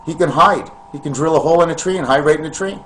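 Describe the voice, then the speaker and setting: Male vlogger, pitch a touch high, free-associating monologue with sudden loud bursts over faint background noise. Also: quick pace. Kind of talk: rambling monologue to camera.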